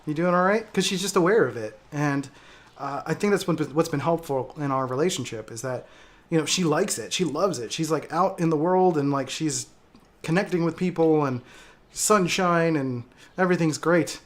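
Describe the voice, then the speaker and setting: A man's voice: fairly high pitch, moderate pace. Reflective man hosting a casual livestream. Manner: reflective, hesitant, many fillers. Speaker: livestream host. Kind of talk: casual livestream chat, reading viewer comments.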